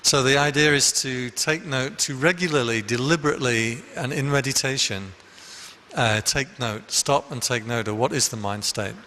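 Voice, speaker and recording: A man's voice: medium pitch, normal speed, sharp tone, a little hiss or hum. A man, a Buddhist monk, giving a conversational dharma talk full of anecdotes in a meditation hall. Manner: conversational, anecdotal, with frequent restarts.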